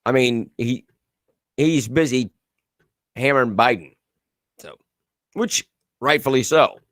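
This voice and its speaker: A man's voice: medium pitch, slow, fairly bright tone, no room sound, clean studio sound. A man hosting a casual live commentary show, reading viewer comments and news aloud with a sarcastic edge. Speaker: host.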